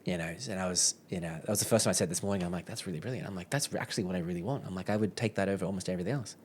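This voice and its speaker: A man's voice: low voice, racing, a little mellow, a little hiss or hum. A man with an Australian accent, a podcast guest telling a personal story in a chatty, candid way, often quoting his own thoughts and laughing as he goes.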